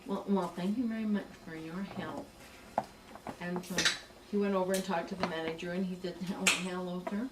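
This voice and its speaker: A woman telling a long joke story in an animated, chatty way, stammering and adding asides as she goes. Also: fairly low pitch, a little fast. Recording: echoey room, distant mic, background noise.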